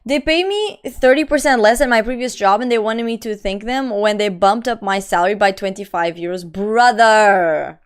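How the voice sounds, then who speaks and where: A woman's voice: medium pitch, moderate pace, few pauses, clean tone. A young woman live streamer chatting casually with her viewers. She reads their messages aloud in a slangy, talkative way.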